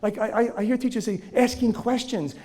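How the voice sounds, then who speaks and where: A man's voice: extremely high pitch, steady tone, a little fast, mellow. A man giving a humorous lecture to teachers on children's behavior, joking, laughing often and acting out examples.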